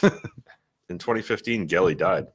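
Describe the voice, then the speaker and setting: A man's voice: low voice, normal speed, husky. A man co-hosting a casual podcast chat, musing aloud in a thoughtful way. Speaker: podcast co-host.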